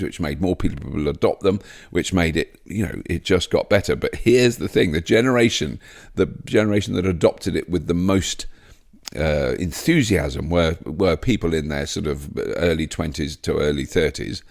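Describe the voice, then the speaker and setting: A man's voice: low-pitched, gravelly. A man hosting a solo podcast, rambling and self-mocking with frequent laughs. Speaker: podcast host.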